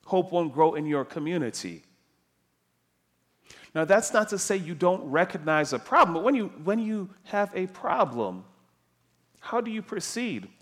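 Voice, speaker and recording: A man preaching a sermon, emphatic and animated, dropping soft and then rising loud. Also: high voice, measured pace, pauses often.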